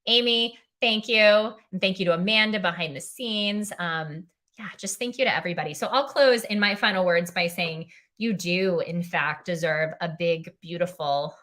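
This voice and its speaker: A woman's voice: on the low side, moderate pace, sharp tone. A young woman filling in as a livestream host, tired and emotional, heartfelt, saying "um" often and reading viewer comments aloud. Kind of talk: casual livestream chat.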